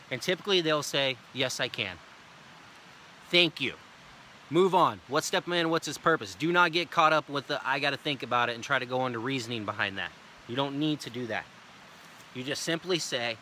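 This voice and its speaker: A man's voice: medium pitch, lively intonation, normal speed, bright, forceful tone, slight background noise. Emphatic man coaching a sales team. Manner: emphatic, repetitive coaching delivery. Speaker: sales trainer. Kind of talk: sales training talk with role-played pitch lines.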